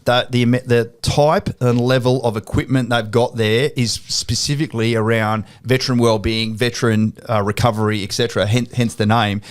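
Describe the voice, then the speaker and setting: A man's voice: medium pitch, fairly even intonation, normal speed, hardly any pauses, smooth. An Australian man hosting a podcast in a studio. He chats casually, swears freely and tells stories by acting out quoted exchanges. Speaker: podcast host. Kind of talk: casual interview chat.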